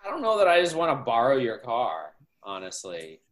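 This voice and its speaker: A man's voice: medium pitch, huge pitch swings, normal speed. A man co-hosting a comedy podcast, adding matter-of-fact asides in casual banter. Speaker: podcast co-host.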